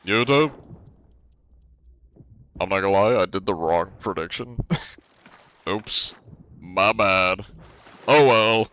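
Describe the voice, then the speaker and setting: A man's voice: low-pitched, slow pace, pauses often, a bit bright, clean tone. A man chatting casually and joking around while streaming a game. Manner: joking, playful, talks while playing. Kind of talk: casual live-stream chat with role-play.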